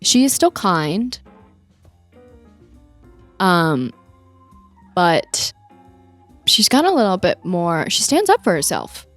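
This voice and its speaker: A woman's voice: fairly low pitch, wildly swooping pitch, slow pace, long pauses, soft background music. A young woman co-hosting a podcast, chatting casually about a movie and retelling scenes with acted-out quotes. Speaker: podcast co-host. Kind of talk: casual movie-review chat.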